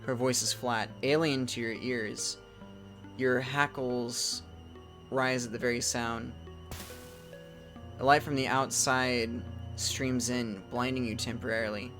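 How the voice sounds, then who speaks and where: Man, let's-play gamer, reads text adventure aloud, medium pitch, music faint behind. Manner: reads game text aloud, then breaks off into loud startled exclamations.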